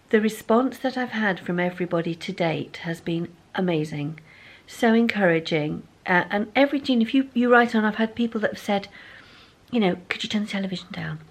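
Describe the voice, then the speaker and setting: A woman chatting casually in a sewing vlog, rambling and self-deprecating, talking into a phone at home. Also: medium pitch. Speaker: sewing vlogger.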